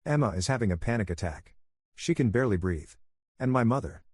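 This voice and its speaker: A man's voice: lowish voice, expressive, brisk, husky, no room sound. A man voicing a distraught young husband who pleads and accuses over the phone. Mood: angry. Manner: pleading, raised.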